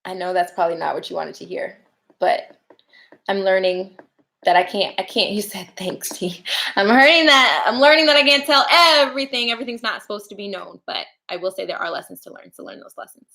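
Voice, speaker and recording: A woman's voice: on the low side, steady tone, brisk, gravelly. A woman giving casual live tarot readings, chatty and laughing often as she talks to viewers. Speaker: tarot reader.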